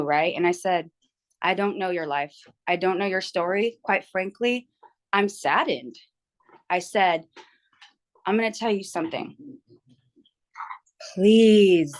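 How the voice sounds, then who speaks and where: A tired young woman on a video call, telling a story candidly in casual chat. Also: mid-range voice. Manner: candid, storytelling, quotes people in her retelling. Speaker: book club member.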